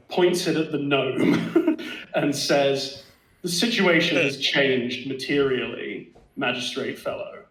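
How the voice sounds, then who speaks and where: A man playing a tabletop game, talking in quick, chatty bursts. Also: mid-range voice, a bit bright. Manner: quick, chatty, laughing asides. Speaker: player. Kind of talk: casual tabletop game chat. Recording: roomy echo.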